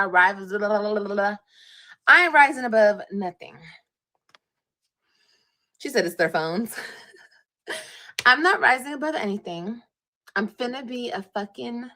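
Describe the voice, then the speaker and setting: A woman's voice: a little high, a bit bright. A pregnant woman ranting on a livestream, profane, repetitive and defiant. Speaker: livestreamer in a played clip.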